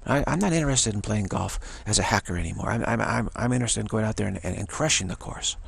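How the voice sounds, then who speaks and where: A middle-aged man gives a motivational talk on his practice, driving his points home by saying them twice. His voice sits fairly low and carries a husky, gravelly grain. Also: animated, fast, dry recording. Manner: emphatic, repeats phrases for stress. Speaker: teacher of a self-development practice.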